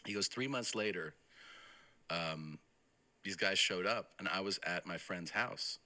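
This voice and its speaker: A man's voice: sits low, a little slow. A man telling a story on a podcast in a casual, profane way, quoting the people in it. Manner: profane, animated storytelling that quotes others. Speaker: podcast guest. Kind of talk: casual anecdote.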